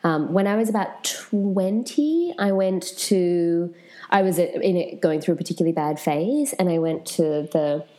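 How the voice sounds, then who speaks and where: A woman's voice: fairly low pitch, moderate pace. A woman guest telling her personal story frankly and with animation in an interview. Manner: frank, animated, swears casually.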